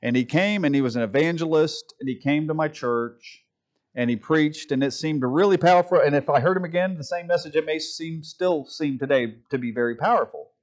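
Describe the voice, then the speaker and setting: A middle-aged man giving an informal preaching talk, conversational and animated, mimicking voices when he tells stories. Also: a little high, brisk. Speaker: Christian speaker.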